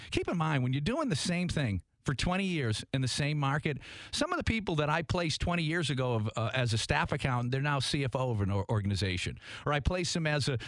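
A man in his fifties hosting a radio talk show, chatting casually and in a lively way. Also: a little high, no echo, clean studio sound. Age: 50s. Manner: lively, easily cracking up.

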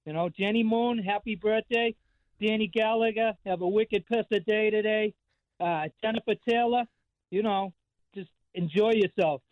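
Calling in once again to a radio show, a Boston-accented man in his fifties rambles through stories, peppered with fillers and restarts, in a casual chat. His voice sits high with a steady tone and a moderate pace, heard over phone-quality sound without echo.

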